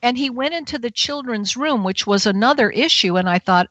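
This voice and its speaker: A woman's voice: fairly high pitch, animated, moderate pace, fairly bright tone, dry recording, lo-fi sound. A woman guest on a talk radio show, telling a personal story with animation and acting out her own frightened thoughts.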